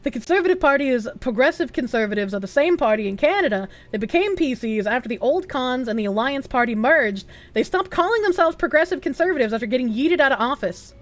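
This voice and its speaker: High, lively Bostonian woman streamer. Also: fast, hardly any pauses. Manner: blunt, profane, animated. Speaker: streamer reading chat. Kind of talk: casual livestream chat.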